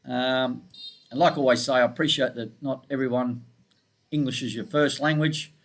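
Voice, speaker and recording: A man's voice: mid-range voice, steady tone, normal speed. A man from Scotland with an Australian accent, walking through his trading charts in a laid-back, informal and self-deprecating way. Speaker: forex trading analyst. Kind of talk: casual screen-share market walkthrough.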